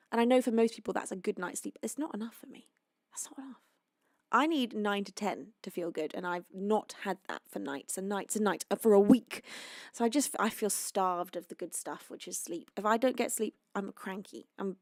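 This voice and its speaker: A woman's voice: mid-range voice, dry recording, clean studio sound. A young woman from the UK, a singer-songwriter, chatting to her live chat in a rambling, friendly way while feeling tired. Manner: chatty, rambling, greets viewers warmly. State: tired and sleepy.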